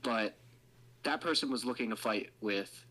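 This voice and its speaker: Man, podcast guest, remote call, laid-back, slangy, swears, bright voice. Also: mid-range voice, normal speed, poor audio. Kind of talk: casual chat.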